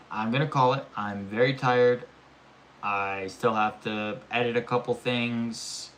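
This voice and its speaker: Young man, lowish voice, live-stream chat, rambling animated storyteller, swears a lot, faint background noise.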